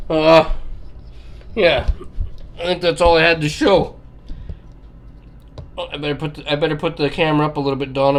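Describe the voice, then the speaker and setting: A man's voice: fairly high pitch, a bit bright. A Canadian man with a Canadian accent, chatting loosely at his kitchen table, swearing and laughing as he talks. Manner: crude, swearing, laughing, tags lines with "eh". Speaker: vlogger. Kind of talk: casual vlog chat.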